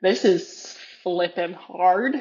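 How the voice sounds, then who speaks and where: A woman in her thirties, a podcast guest, telling a personal story candidly and acting out her own inner voice with sudden jumps in pitch. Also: extremely slow, a little mellow. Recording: dull lo-fi podcast audio.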